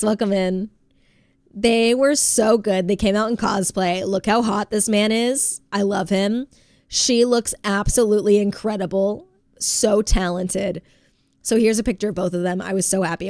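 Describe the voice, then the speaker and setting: Streaming from home while fighting a stuffy head cold, a woman chats easily with her viewers, reading their messages out loud and giggling a lot. Her mid-pitched, slightly mellow voice is caught on a dry, close mic with no echo.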